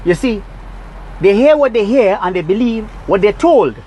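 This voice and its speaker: A man's voice: sits high, expressive, moderate pace, mellow, a little hiss or hum, low-quality recording. A Trinidadian man recording a heated, scolding rant from his parked car. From Trinidad and Tobago. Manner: agitated, preachy, scolding. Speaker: vlogger.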